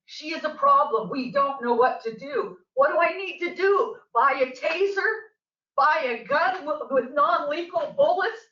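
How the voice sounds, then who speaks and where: This older resident's voice sits high, with a fairly bright tone and a very animated quality, yet a measured pace. Giving public comment at a board meeting, she tells her story in an agitated, emphatic way that rises toward the end. The recording from the district office meeting room is distant, echoey and dull.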